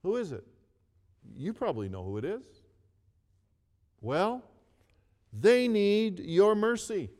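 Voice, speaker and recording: Brief: male preacher, slow and earnest storyteller, slightly high voice, reverberant hall sound. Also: very animated, darkish tone. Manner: earnest storytelling, repeats phrases, asks the listeners to read along. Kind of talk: sermon.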